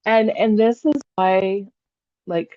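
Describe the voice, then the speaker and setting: A chatty woman who works as a psychic teaches a spiritual class, telling stories and laughing often. Her voice sits at a middle pitch. The recording is dry and a little dull, with no room sound. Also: slow, warm tone, no echo.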